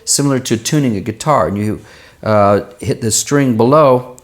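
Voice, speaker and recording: A man working as a vocal coach, answering viewers' singing questions and demonstrating vowels and pitches with his own voice. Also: normal speed, very noisy. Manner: explanatory, uses everyday comparisons.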